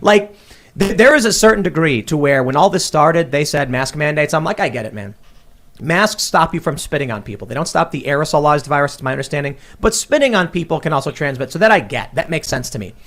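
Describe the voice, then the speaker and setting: A man, talking politics in a studio at a rapid clip. His voice sits a little high for a man, and he acts out every back-and-forth with mounting indignation. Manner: fast and animated, acting out quoted exchanges, rising to indignant outbursts. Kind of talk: heated political talk. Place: studio room.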